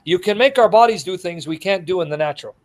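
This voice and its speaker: A man's voice: high voice, lively intonation, fast. A man voicing an adult male disciple who earnestly begs to walk on the water. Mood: pleading.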